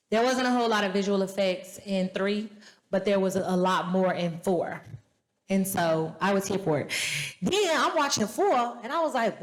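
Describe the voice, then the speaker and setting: Woman, podcast host, casual chat, chatty, animated, mid-pitched voice. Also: rough recording. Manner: chatty, animated, talks straight to viewers. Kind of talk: casual movie review chat.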